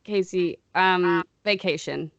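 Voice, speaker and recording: A woman's voice: on the low side, slow pace, lo-fi sound. A young woman co-hosting a casual chat podcast, rambling and playfully sarcastic. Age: young adult. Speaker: podcast co-host.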